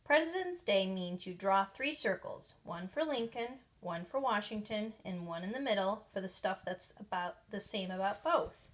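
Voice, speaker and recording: A woman's voice: medium pitch, lively intonation, normal speed, few pauses, close to an everyday voice. Stink, a woman reading as a stubborn little boy. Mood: earnest. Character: earnest stubborn little boy, younger brother.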